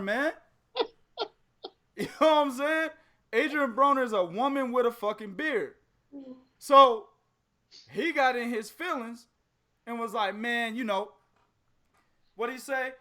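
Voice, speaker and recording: A man hosting a podcast in casual chat, animated and laughing often as he trash-talks in a profane way. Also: very high-pitched, measured pace, long pauses. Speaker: podcast host.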